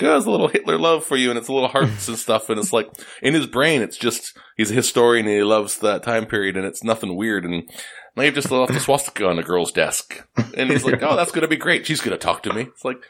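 A man with a fairly low voice chats casually as a podcast co-host. He tells jokes and recounts shows in an animated, quick way. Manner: animated storyteller, jokey, quick asides. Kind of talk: casual chat.

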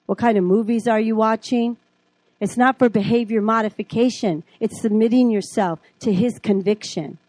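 A middle-aged woman teaching the Bible, telling her own story in a lively way and acting out the dialogue. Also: fairly high pitch, normal speed, no echo. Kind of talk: teaching with personal testimony. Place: classroom.

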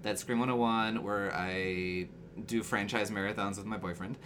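A man's voice: on the low side, steady tone, normal speed, noisy background. A man chatting as a guest on a casual podcast, joking and self-deprecating. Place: apartment room with friends.

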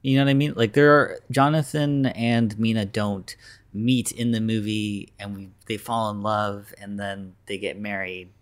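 A man co-hosting a casual film chat, measured and easygoing. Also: lowish voice, steady tone.

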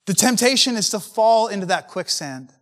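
A man preaching with fervor, his voice high and bright with an edge to it. He talks to leaders in a loose, conversational way and keeps firing rhetorical questions. The sound rings out with long reverb like a large hall. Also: expressive, normal speed. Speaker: pastor.

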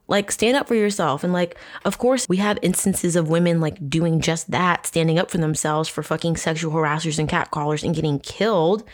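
A young adult woman hosting a true crime podcast, telling stories in a casual, profane, animated way. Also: deep voice, brisk, hardly any pauses. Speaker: podcast host.

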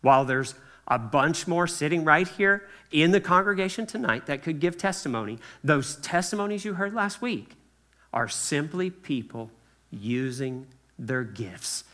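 A man's voice: fairly high pitch, expressive, sharp tone. A pastor preaching a conversational sermon to his congregation, often checking in with "okay?" and acting out what people say. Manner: acts out quoted voices, slows for emphasis.

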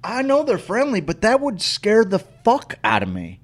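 A man's voice: sits high, wildly swooping pitch, moderate pace. A man co-hosting a casual podcast, chiming in with swearing quips and facts he looks up. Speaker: podcast co-host. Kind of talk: casual chat.

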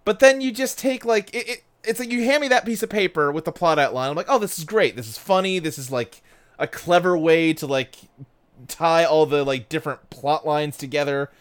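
A man's voice: fairly high pitch, steady tone, normal speed, smooth. A man co-hosting a podcast, chatting casually in an emphatic, joking way. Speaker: podcast co-host. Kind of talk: casual chat.

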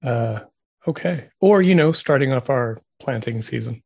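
A man's voice: medium pitch, lively intonation, normal speed, gravelly, darkish tone, breathy edge, no echo, studio quality. A man from Saskatchewan co-hosting a comedy podcast, playing the wry straight man. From Saskatchewan, Canada. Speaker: podcast co-host. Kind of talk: comedic banter.

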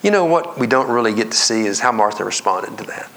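A male pastor giving a conversational sermon that climbs to emphatic, high-pitched stress and drops to hushed whispers. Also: lively intonation, quick pace. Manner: conversational preaching, rising to emphatic highs and dropping to whispers.

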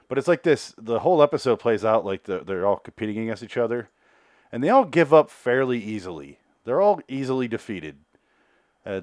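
A man's voice: on the low side, no room sound, clean studio sound. A man hosting a solo review podcast, recapping an episode in a rambling, profane, chatty way. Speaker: podcast host reviewing a TV series.

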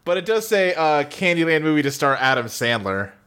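A man's voice: a little high, big pitch swings, a little fast, a bit bright, smooth. A man co-hosting a casual comedy podcast, recounting a cartoon's plot with jokes and frequent laughs. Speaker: podcast co-host. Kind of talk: casual comedic recap chat.

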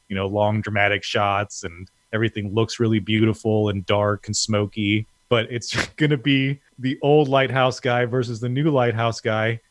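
A man's voice: fairly low pitch, dry recording. A man co-hosting a casual film chat, rambling with many fillers and laughs. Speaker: podcast co-host.

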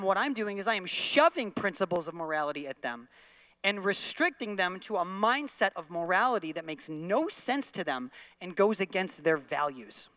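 A man preaching a sermon in an animated way, leading his listeners, including those at home, in repeating lines after him. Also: sits high, dry recording. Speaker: pastor.

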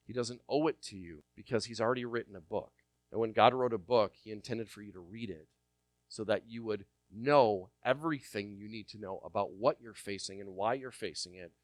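A male pastor preaching a sermon, repeating key phrases with force and then dropping to quiet, close asides. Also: fairly low pitch, brisk, no room sound. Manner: swings from loud emphatic repetition to quiet intimate asides.

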